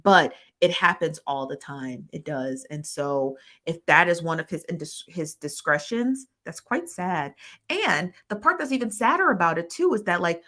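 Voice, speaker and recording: A woman's voice: lowish voice, lively intonation, moderate pace, sharp tone. A young woman hosting a casual livestream, chatting in a rambling, self-correcting way. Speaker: livestream host. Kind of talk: casual live-stream gossip chat.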